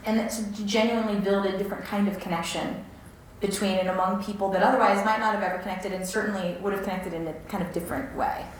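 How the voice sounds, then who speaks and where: A woman's voice: mid-range voice, fairly even intonation, fast talker, a little hiss or hum. A woman being interviewed as a guest, explaining in an earnest, self-correcting conversational way. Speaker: guest, co-founder. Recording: echoey room, distant mic.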